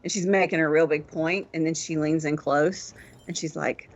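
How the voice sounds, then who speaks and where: A woman's voice: deep voice, steady tone, normal speed, dull audio. A woman playing her character in a tabletop game, describing brutal actions with brash glee. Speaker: player. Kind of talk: tabletop role-play.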